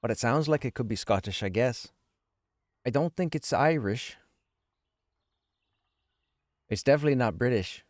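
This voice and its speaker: A man's voice: mid-range voice, expressive, a little fast, a little mellow, no echo, clean studio sound, pitched above the performer's own voice, lightly acted. A man putting on a shaky, hesitant attempt at a Scottish-sounding voice. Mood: uncertain. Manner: hesitant, rambling, unsure.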